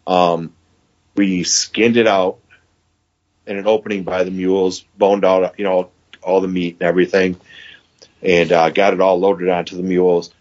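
A man's voice: low-pitched, flat delivery, normal speed, long pauses, darkish tone. A man, a podcast guest, telling a long story in a folksy way, acting out the dialogue and laughing as he goes. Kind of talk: casual storytelling. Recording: dull lo-fi podcast audio.

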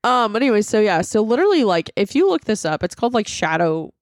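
A young woman co-hosting a podcast, telling a story in casual chat, animated and profane, acting out quotes. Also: medium pitch, fast talker. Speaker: podcast co-host.

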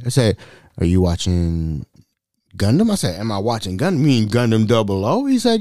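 A man in his thirties tells a story on his podcast in a warm, relaxed voice. His pitch jumps all over as he acts out every quote. The close mic sounds dry. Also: fast, no echo. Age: 30s. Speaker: podcast host. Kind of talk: casual storytelling.

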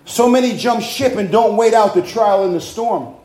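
A male pastor with a high voice preaches fervently and calls out hallelujahs between points. He throws rhetorical questions at the congregation. His voice echoes around a roomy, reverberant room. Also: moderate pace, dark tone. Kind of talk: sermon.

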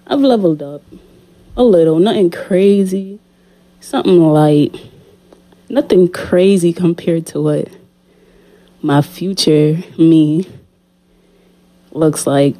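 A woman's voice: lowish voice, slow pace, pauses often, mellow. A woman hosting her podcast in a casual monologue, playful and repeating herself as she talks straight to her listeners, a little out of breath. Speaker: podcast host. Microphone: studio condenser mic.

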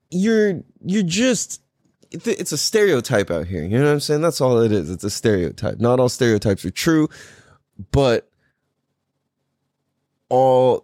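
A man's voice: a little high, a little mellow, no room sound, clean studio sound. A man hosting a podcast, telling a story in a casual, profane rant and laughing often. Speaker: podcast host.

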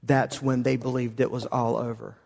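A man preaching a sermon, telling a Bible story in an animated way with frequent stammered repeats. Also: medium pitch, normal speed, vocal fry. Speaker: pastor. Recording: echoey hall with long reverb.

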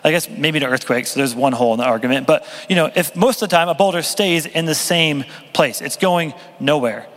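A man's voice: on the high side, brisk, few pauses. A young man preaching a sermon in a casual, joking, conversational way. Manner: conversational, self-deprecating humor, lively. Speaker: pastor. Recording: long reverb of a hall.

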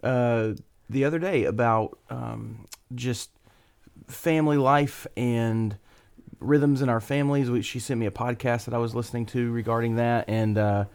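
A man's voice: medium pitch, fairly even intonation, moderate pace, gravelly, darkish tone, smooth. Easygoing man co-hosting a podcast. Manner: easygoing, agreeable, lots of brief affirmations. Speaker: podcast co-host. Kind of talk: casual chat.

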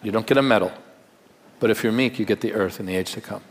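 A man's voice: fairly low pitch, quick pace, big-room sound, slight background noise. A male pastor giving a sermon in a conversational way, with rhetorical questions and humor.

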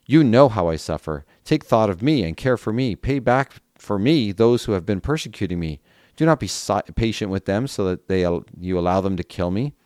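A man reads scripture aloud in a deep, low voice. His delivery is earnest and steady, with occasional relaxed asides full of small fillers. The sound is dry and close, with no room around it. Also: dry recording. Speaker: Bible reading podcast host. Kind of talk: Bible reading with brief commentary.

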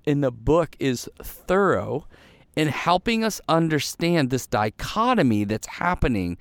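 A man's voice: mid-range voice, clean tone, no room sound. A man hosting a devotional podcast, talking in an earnest, rambling way with frequent restarts and repeats. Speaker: podcast host and pastor. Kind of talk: casual devotional podcast talk.

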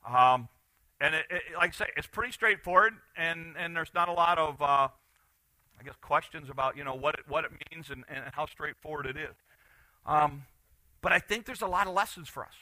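A man preaching a sermon as pastor, animated, swinging from loud bursts to quiet asides. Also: fairly high pitch, normal speed, dry recording.

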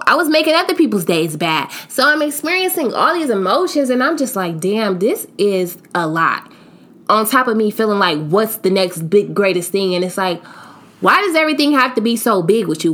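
A woman's voice: a little high, a bit bright. A woman in her late twenties hosting her own podcast, talking to her listeners in a candid, reflective monologue. She speaks emphatically and expressively, in casual slang. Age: 20s. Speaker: podcast host.

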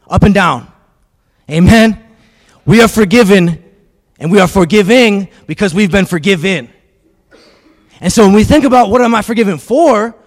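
A high-pitched man preaching a sermon, lively and repetitive, calling for the congregation to answer back. His voice rings through the long reverb of a church sanctuary. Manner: animated preaching with call-and-response and repetition. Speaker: pastor.

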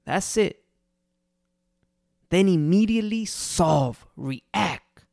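Gravelly restaurant owner giving advice. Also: mid-range voice, darkish tone, dry recording, studio quality. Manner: earnest, repeats key points for emphasis. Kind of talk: casual customer-service advice talk.

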